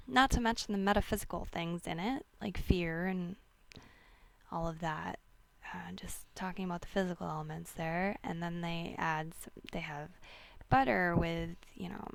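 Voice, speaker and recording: A woman speaks slowly and unhurriedly, her voice smooth yet gravelly with vocal fry. She gives wellness tips in a rambling, casual way, full of ums and restarts, and the recording is dry and close. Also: medium pitch, no echo. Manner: slow, rambling, with many fillers and restarts. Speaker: wellness host. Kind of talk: casual advice talk.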